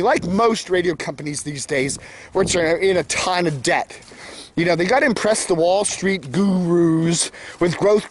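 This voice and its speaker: Middle-aged guy rambling his opinions on his vlog, high voice, out walking in the woods. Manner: rambling, opinionated, self-assured. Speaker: vlog host. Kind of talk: casual opinion monologue. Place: outdoors in woods.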